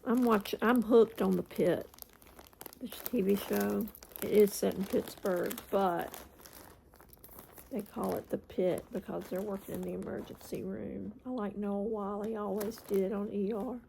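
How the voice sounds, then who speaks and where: Woman vlogger at home, rambling chatty delivery with a gravelly edge, breaks into baby talk for her dogs. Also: medium pitch, steady tone, measured pace, warm tone, slight background noise. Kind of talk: casual home vlog. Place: indoors at home.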